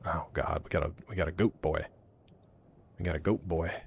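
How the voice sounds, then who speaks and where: A man with a very low, deep voice chats through a live game stream. He jokes, reacts aloud to what happens on screen and talks straight to his chat in a loose, casual way. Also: steady tone, moderate pace, creaky, slightly rough. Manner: chatty and joking, reacting aloud and talking to chat. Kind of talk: casual live gameplay commentary.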